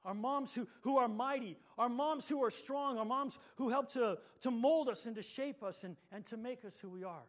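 Man, very high voice, preacher, gentle earnest sermon. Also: moderate pace, few pauses. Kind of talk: sermon with read-aloud story.

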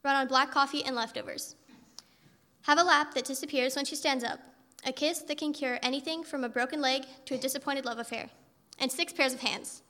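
A woman's voice: high voice, fairly even intonation, brisk, bright, forceful tone, big-room sound. God as a tireless, patient creator, read by a woman. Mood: earnest.

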